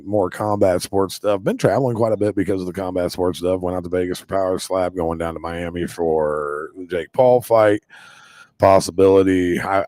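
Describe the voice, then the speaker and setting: A man with a lowish voice runs a live reaction stream, firing off quick exclamations and rambling asides. The sound is dry and close, with no room around it. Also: darkish tone, no room sound.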